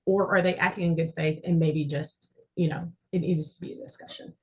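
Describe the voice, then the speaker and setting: A woman's voice: low voice, fairly even intonation, fairly quick, a little mellow, rough recording. A woman who manages people at a large organization, speaking earnestly on a webinar panel, with frequent conversational asides.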